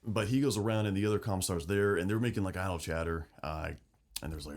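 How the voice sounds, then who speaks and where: Deep-voiced man in casual lore chat. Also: quick pace. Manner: animated, swearing, acts out quotes. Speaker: podcast co-host.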